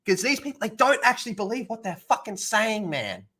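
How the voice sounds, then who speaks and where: A male streamer ranting on his livestream, swearing freely and dripping with sarcasm. His voice sits a little high and sounds bright and sharp. The pitch swings widely as he works himself up. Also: big pitch swings, a little fast, breathy edge. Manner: heated, profane, sarcastic ranting. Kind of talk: livestream rant.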